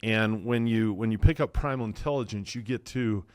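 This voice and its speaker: Low-voiced man hosting an interview. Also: moderate pace, no room sound. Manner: rambling, hesitant, many fillers. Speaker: podcast host.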